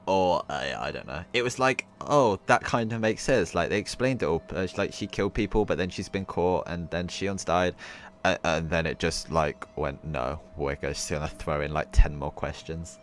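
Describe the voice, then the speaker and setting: Live-streaming a visual novel, a young man talks at normal speed in a low voice with hardly any pauses. He rambles, leans heavily on fillers, swears now and then and laughs loudly, all over noisy, humming stream audio.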